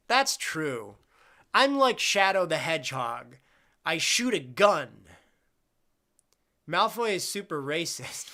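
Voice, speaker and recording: A young man with a fairly high, bright and forceful voice chats loosely with his viewers on a live stream. He rambles, gets blunt, and swears casually while he reads comments aloud. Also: sing-song, slow, long pauses.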